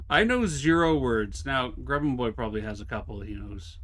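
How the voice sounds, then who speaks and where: A man's voice: medium pitch, lively intonation, measured pace, fairly bright tone. A man streaming a horror game live, chatting to himself and the game with wry asides. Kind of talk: live gameplay commentary.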